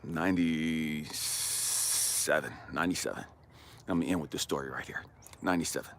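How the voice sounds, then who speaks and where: A man who works as a life coach, telling an emotional personal story with passion. He swings between hushed and loud delivery and swears freely. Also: rumbling low, fairly quick, a little hiss or hum.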